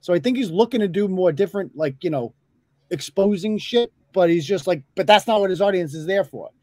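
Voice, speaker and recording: A male host talks in a high, fairly raised voice. He rambles bluntly and swears casually. The sound is dry and close, with no room echo. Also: animated, a little fast, darkish tone. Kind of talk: casual live show chat.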